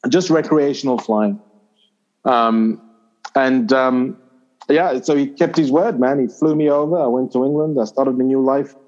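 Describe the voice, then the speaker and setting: A middle-aged man from Zimbabwe recounts a personal story as an interview guest, meandering through it with ums and restarts. His pitch sits in an ordinary middle range. The audio is slightly dull and lo-fi. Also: measured pace, darkish tone. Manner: rambling anecdotal, with fillers and restarts. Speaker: interview guest, former cricketer. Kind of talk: conversational storytelling.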